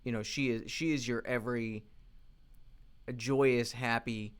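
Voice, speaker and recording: Halting, rambling man talking while he works. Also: mid-range voice, fairly even intonation, clean tone. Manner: halting, rambling, frequent restarts and fillers; thinking aloud while working. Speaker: independent animation creator. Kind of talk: casual work vlog while animating.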